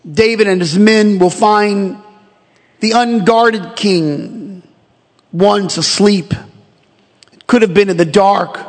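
A man pastor preaching a sermon in a church, moving from quiet reflective reading to impassioned pleading. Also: sits high, in a large hall.

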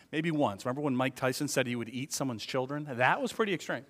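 A male pastor preaching a lively sermon, joking and acting out quoted voices. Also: medium pitch, fast, big-room sound.

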